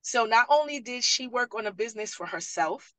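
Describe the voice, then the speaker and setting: A woman's voice: fairly high pitch, brisk, no room sound, poor audio. A woman, a parent liaison telling stories in a casual panel talk and acting out what others said. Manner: animated storyteller, acts out quotes. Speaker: parent liaison and program graduate.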